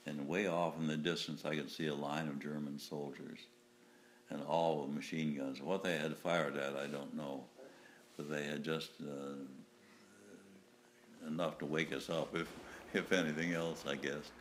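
Older male veteran, very low voice, halting storyteller, faint room ambience. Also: level tone, slight background noise. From United States. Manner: halting, with restarts and chuckles. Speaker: WW2 veteran interviewee. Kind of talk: recounting war memories.

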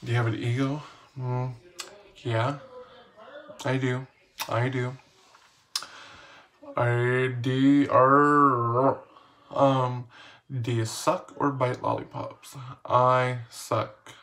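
A man's voice: mid-range voice, flat delivery, slow pace, pauses often, a bit bright. A man casually reading questions aloud and answering them in a playful, slangy, self-mocking vlog. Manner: reads each question aloud, then answers. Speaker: vlogger.

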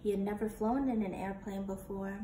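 Brief: woman teacher, animated interactive read-aloud for children, echoey room, faint noise. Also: mid-range voice, moderate pace. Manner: animated, asks children questions.

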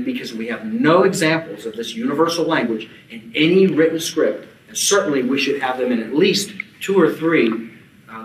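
Man, archaeology lecture, conference talk, dry asides, distant mic, echoey hall. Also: mid-range voice. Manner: informal asides and dry jokes between academic points.

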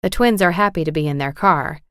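A woman narrating a storybook for English learners with a clear, measured, carefully articulated reading. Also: fairly low pitch, fairly bright tone, no room sound, clean studio sound.

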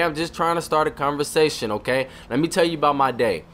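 A man giving casual commentary over his video game playthrough, profane and excitable, full of trash talk. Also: fairly high pitch, quick pace, few pauses. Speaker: gaming channel host.

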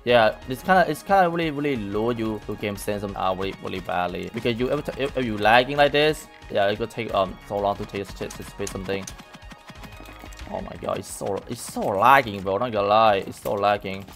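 Excitable young man taunting in a game. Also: on the low side, fairly quick, faint music behind. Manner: excitable, taunting opponents, non-native English. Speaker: gaming YouTuber. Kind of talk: live gameplay commentary.

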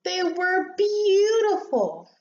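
A woman reading a children's story aloud in an expressive, gentle storytelling manner. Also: very high voice, extremely slow. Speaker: storybook reader. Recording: slightly dull lo-fi recording.

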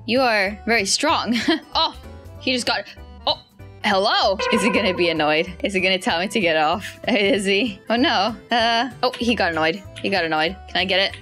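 A woman's voice: mid-range voice, a bit bright. A woman giving playful, chatty let's-play commentary as she plays, laughing often. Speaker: gaming YouTuber.

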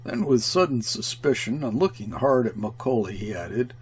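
A man reading a classic short story aloud as narrator, measured and deliberate. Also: mid-range voice, expressive, a little hiss or hum. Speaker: audiobook reader. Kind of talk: literary narration.

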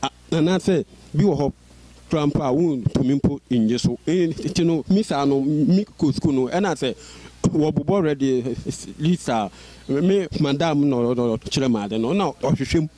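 A man who stutters, repeating syllables and restarting words as he tells his story in an interview. His voice is mellow and a little high for a man. He keeps pushing on through the blocks. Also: normal speed. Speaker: interview guest. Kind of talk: personal life-story interview.

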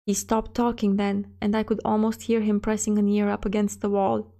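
A woman's voice: a little high, little pitch movement, moderate pace, warm tone. A woman narrating a scary short story in the first person of a child, with a plain storytelling manner. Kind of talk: scripted horror story narration.

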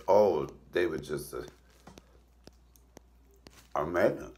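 A middle-aged male comedian telling blunt, profane stories in a casual, animated way while cooking. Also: sits low, slow. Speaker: comedian and cooking show host.

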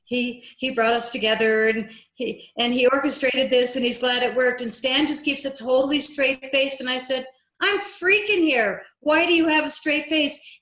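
A woman filmmaker, a guest in an interview, tells a story with lively energy and acts out every line of dialogue she quotes. Her voice sits a little high. The recording has a noticeable room echo. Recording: echoey room.

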